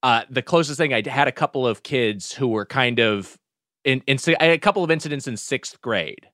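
A man's voice: mid-range voice, animated, brisk, bright, forceful tone, no room sound, studio quality. A man co-hosting a podcast, chatting casually and telling a rambling story that keeps correcting itself. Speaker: podcast co-host.

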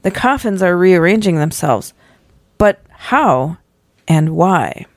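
Taking it slowly in a sing-song voice, this podcast host reads a spooky choose-your-own story with playful drama. The studio-quality recording has no room sound, and she voices the characters animatedly, raising her pitch for the child.

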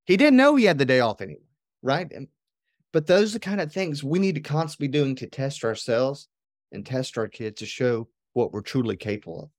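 Energetic man telling a story, dry sound. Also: medium pitch, fairly quick, no echo. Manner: energetic, emphatic, often adds "right?". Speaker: podcast guest. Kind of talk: animated storytelling in conversation.

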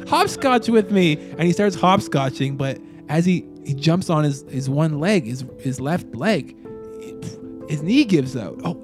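Male GM, high voice, playful narrator of a tabletop game, faint music underneath. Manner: playful, laughing, spins vivid scenes. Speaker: game master.

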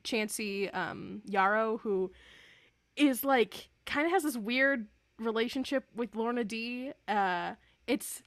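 A woman's voice: fairly high pitch, takes it slowly, dry recording. A woman co-hosting a podcast in casual fan chat, rambling and often correcting herself. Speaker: podcast co-host.

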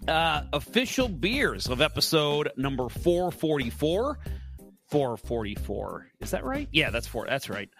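A man's voice: on the high side, sing-song, unhurried, a bit bright, soft background music. A middle-aged American man hosting a sports podcast, chatting casually and rambling through stories with lots of fillers. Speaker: podcast host.

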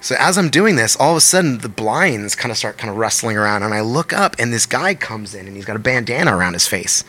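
A man in his thirties tells a story at a rapid clip, throwing in curses and acting out what people said. His voice is bright and forceful at an ordinary middle pitch. It sounds like a loose, casual podcast chat. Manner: animated, profane, acts out quotes. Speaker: podcast guest, touring musician.

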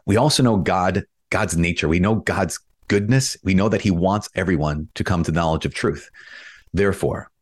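A Catholic priest speaks in an interview with a deep, low voice. He explains things earnestly and gets animated in his anecdotes, raising his voice when he imitates himself. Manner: earnest, animated storytelling, mimics himself with raised voice. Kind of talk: conversational interview.

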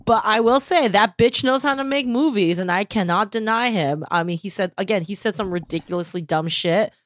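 A woman's voice: medium pitch, fairly quick, dry recording, clean studio sound. A woman hosting a casual chat podcast, talking bluntly and with a lot of swearing. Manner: blunt and profane, lively.

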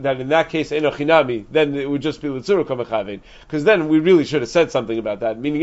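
A man teaching a Talmud lesson, explaining quickly and reasoning aloud with frequent restarts, dropping in Aramaic and Hebrew terms. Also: medium pitch. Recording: dull lo-fi recording.

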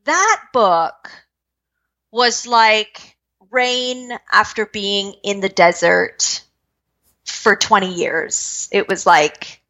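A woman from British Columbia, Canada, a spiritual medium, telling her life story in an interview, quick-moving and acting out her own past thoughts. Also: mid-range voice, sharp tone. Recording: dull lo-fi recording.

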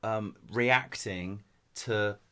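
A man's voice: lowish voice, very slow, sharp tone, smooth. A man, a voice actor, telling rambling anecdotes in a casual chat and laughing often. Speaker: podcast co-host, voice actor.

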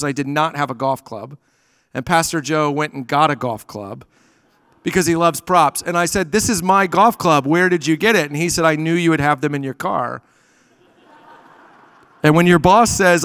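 A man's voice: on the high side, fairly bright tone, smooth, dry recording, clean studio sound, long reverb tail. A man preaching a sermon to a church congregation, telling stories and acting out the dialogue in them. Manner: storytelling, acting out quoted dialogue. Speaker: pastor. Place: church sanctuary.

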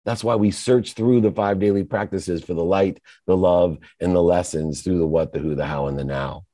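A middle-aged man giving a motivational monologue, emphatic and rhythmic, building lists and swelling his pitch for effect. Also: steady tone, moderate pace, warm tone, no echo. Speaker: motivational speaker.

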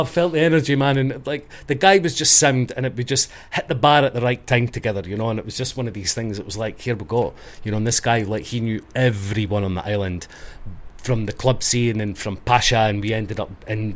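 A middle-aged man from Scotland with a Scottish accent, chatting as a guest and telling rambling stories that he corrects as he goes. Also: fairly low pitch. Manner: rambling storyteller, self-correcting. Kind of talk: casual interview chat.

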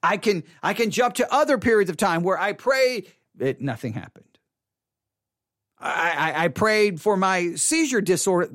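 A man with a fairly high voice tells a personal testimony to an audience. He talks earnestly, repeats himself, and moves between hushed and emphatic passages. The sound is dry and close. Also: expressive, normal speed, no room sound. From Texas. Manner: earnest, repetitive, swings between quiet and emphatic. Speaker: speaker addressing an audience.

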